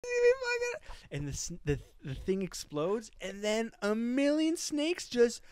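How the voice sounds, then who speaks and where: A man's voice: high voice, big pitch swings, measured pace, a little mellow, smooth, no room sound. A man with a Canadian accent co-hosting a podcast, telling a story in casual, comedic chat, laughing often and acting out voices. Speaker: podcast co-host.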